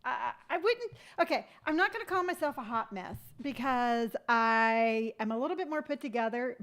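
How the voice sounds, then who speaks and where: A woman's voice: fairly high pitch, a bit bright. A woman in her fifties hosting a casual morning live stream, chatty and rambling, greeting viewers by name. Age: 50s.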